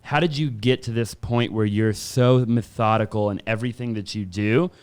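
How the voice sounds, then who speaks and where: A man's voice: on the low side, fairly even intonation, moderate pace, darkish tone, clean tone. A man hosting a podcast interview who rambles and restarts his sentences. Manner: rambling, restarts often, says yeah a lot. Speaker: podcast host. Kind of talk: casual interview.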